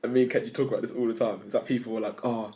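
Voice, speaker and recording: A man's voice: mid-range voice, steady tone, very fast, warm tone. A young man, co-hosting a casual podcast chat, blunt and ranting, with a bit of swearing. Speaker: podcast co-host.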